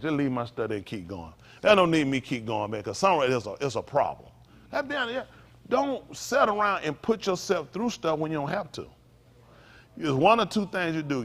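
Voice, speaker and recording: A man preaching a conversational sermon to his congregation, with frequent asides to the room. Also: mid-range voice. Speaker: pastor. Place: synagogue sanctuary. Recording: long hall reverb.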